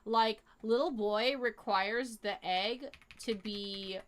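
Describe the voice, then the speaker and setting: A young woman streaming live, chatting casually with her viewers in a rambling, animated way full of fillers and slang. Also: mid-range voice, takes it slowly. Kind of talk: casual chat to a live chat audience.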